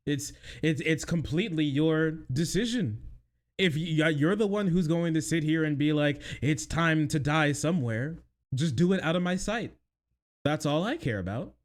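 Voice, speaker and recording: A man's voice: fairly high pitch, expressive, moderate pace. A young man streaming a mocking reaction to a video, sarcastic, laughing often and swearing. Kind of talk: mocking live reaction commentary.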